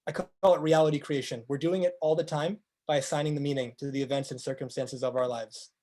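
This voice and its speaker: Man, motivational speaker, high voice, warm tone, earnest, rhetorical questions. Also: fast talker. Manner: earnest, acts out quoted speakers in lively voices. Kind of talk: motivational presentation.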